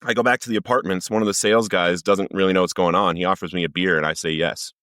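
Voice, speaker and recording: Man, deep low voice, podcast guest, earnest recovery testimony, vivid storytelling. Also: steady tone, fast, fairly bright tone, no room sound, clean studio sound. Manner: earnest, vivid storytelling that acts out quoted lines.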